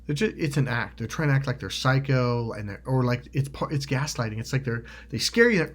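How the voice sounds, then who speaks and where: This motivational video host has a medium-pitched, animated voice and talks a little fast with few pauses. His personal story comes out as a rambling monologue full of restarts and casual swearing, and he acts out others' words loudly.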